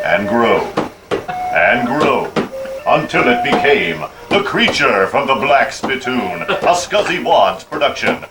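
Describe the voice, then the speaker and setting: A man putting on a dramatic movie-trailer announcer voice for a spoof horror film and gadget ad. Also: lowish voice. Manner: slow, ominous announcer delivery. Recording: echoey room, distant mic, loud background noise.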